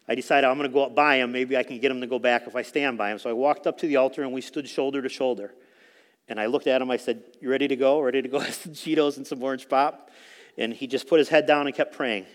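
A man's voice: mid-range voice, in a large hall. A middle-aged man giving a conversational sermon testimony in a church, telling a story with frequent fillers. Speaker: speaker at church.

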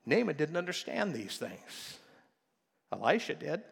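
A male pastor preaching a sermon, swinging from quiet explanation to loud, emphatic passages. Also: fairly high pitch, very animated, a little slow, creaky, husky, long reverb tail. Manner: preaching with rising intensity, shifting from quiet to loud.

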